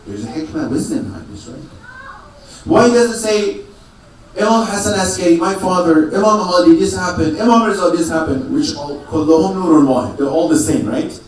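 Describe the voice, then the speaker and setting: A man preaching to a congregation in a strongly echoing prayer hall, caught from a distance with faint room noise behind him. His voice sits a little high. He asks rhetorical questions, answers them himself, and comes back to the same phrases again and again. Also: expressive, normal speed. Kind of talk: religious sermon to a congregation. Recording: echoey hall, mic far off.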